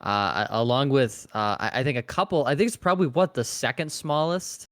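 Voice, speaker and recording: A man's voice: medium pitch, a little fast. Rambling male esports co-caster. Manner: rambling, hesitant with fillers. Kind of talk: esports match commentary.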